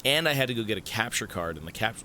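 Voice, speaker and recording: Bright, excitable, swearing male streamer. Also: lowish voice, quick pace, slight background noise. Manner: excitable, swears a lot, stunned outbursts. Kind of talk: live stream chat, thanking subscribers.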